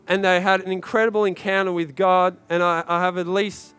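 A man preaching a sermon to a congregation, urging and repeating himself, building to shouted peaks. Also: high voice, little pitch movement, brisk, clear, resonant tone, faint music behind. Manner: urgent, repetitive exhortation with rising shouted climaxes.

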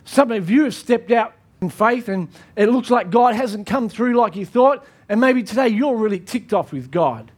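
A pastor preaching an earnest, emphatic sermon with dramatic pauses. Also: male voice, sits high, lively intonation, darkish tone.

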